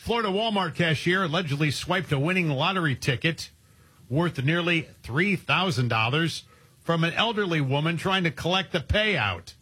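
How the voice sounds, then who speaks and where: A man's voice: fairly high pitch, animated, normal speed, pushed and bright, slightly rough. A man co-hosting a talk radio show, reading news stories and adding wry, sarcastic comments. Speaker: radio co-host.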